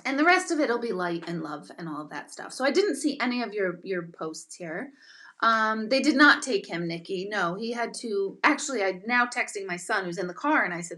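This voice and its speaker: A woman's voice: mid-range voice, expressive, normal speed, sharp tone. A middle-aged woman ranting casually on a live stream. She talks emphatically and mocks herself, with frequent laughter. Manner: emphatic, self-mocking, laughs often. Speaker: intuitive and meditation teacher hosting a live stream.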